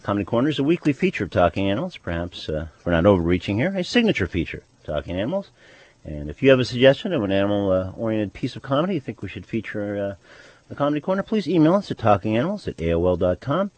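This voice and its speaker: A male radio host with a low voice and a lively pitch that moves around a lot. He talks haltingly, full of pauses and fillers, into a dry studio mic. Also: no echo. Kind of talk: radio show hosting.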